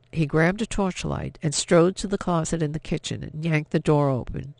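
Gravelly male audiobook narrator. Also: on the high side, moderate pace, few pauses, a little mellow, no echo. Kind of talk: scripted novel narration.

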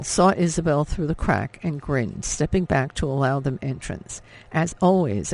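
A man giving a measured, dramatic scripted narration of an audiobook. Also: fairly high pitch, creaky.

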